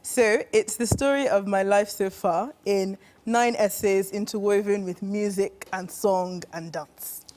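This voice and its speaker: A woman's voice: mid-range voice, steady tone, a little mellow. Playful young woman guest on radio. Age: 20s. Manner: articulate, playful, quick with a joke. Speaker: writer and musician guest. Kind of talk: studio radio interview. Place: radio studio.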